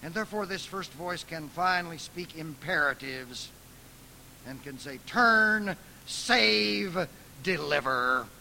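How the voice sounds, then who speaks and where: A man preaching in a lecture style, emphatic, swinging from soft asides to loud dramatic outbursts. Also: fairly high pitch, moderate pace, a little hiss or hum, poor audio.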